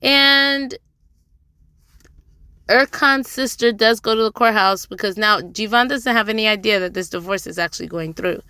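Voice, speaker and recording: A young woman talks through a TV drama episode in a relaxed, chatty recap. Her voice is bright and forward, and the sound is dry and close. She throws in sassy asides to the characters. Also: medium pitch, moderate pace, clean tone, no echo. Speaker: TV drama reviewer.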